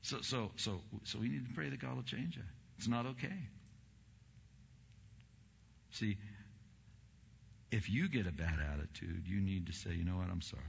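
A man preaching a sermon as pastor, impassioned, swinging between quiet, low passages and loud, rising ones. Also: expressive, unhurried, creaky, pauses often, slight background noise. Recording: dull recording in a reverberant hall.

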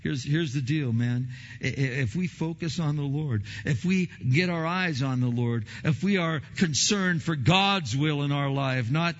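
A man preaching a sermon as pastor, emphatic, often repeating words and swinging between loud and soft. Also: on the high side, unhurried. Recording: long hall reverb, dull lo-fi sound.

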